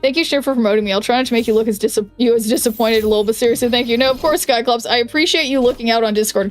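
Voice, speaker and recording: A young woman streaming a card game, thinking aloud in a chatty way with lots of "like"s and quick restarts. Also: fairly high pitch. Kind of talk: casual stream chat while playing a card game.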